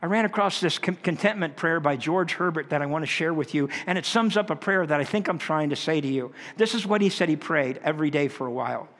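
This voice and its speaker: A man's voice: on the high side, fast talker, hardly any pauses, fairly bright tone. A man preaching a sermon in an earnest, conversational way, swinging his voice up and down for emphasis. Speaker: pastor. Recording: long reverb of a large hall.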